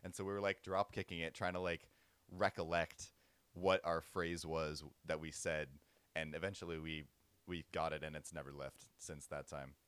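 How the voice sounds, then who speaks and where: A young man co-hosting a casual podcast, telling stories in a relaxed, easygoing way. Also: a bass voice, normal speed, clean tone, no room sound. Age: young adult. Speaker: podcast co-host. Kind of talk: casual chat, storytelling.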